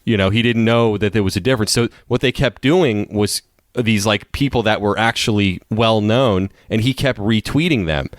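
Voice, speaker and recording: A man's voice: fairly low pitch, normal speed, no room sound, studio quality. A man co-hosting a podcast, telling rambling stories in casual chat and laughing through them. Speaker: podcast co-host.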